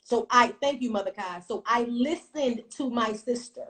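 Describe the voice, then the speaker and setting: Blunt cussing woman in her 30s, chatting on a live stream, bit high voice, animated. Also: moderate pace, low-quality recording. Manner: blunt and profane, animated storytelling. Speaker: livestream host. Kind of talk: casual storytelling livestream.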